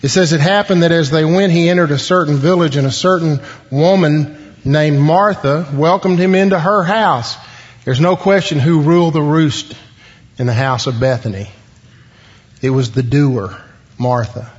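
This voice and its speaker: A man preaching a sermon, asking the congregation questions and pausing for emphasis. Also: fairly high pitch. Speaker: pastor. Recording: dull sound with long hall reverb.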